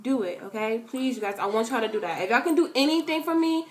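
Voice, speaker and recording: A young woman vlogger answering fan questions in casual, animated talk, full of slang and repeated words, dropping to a soft hush for emotional moments. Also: a little high, fast talker. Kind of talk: casual chat to camera. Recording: echoey room, faint music behind.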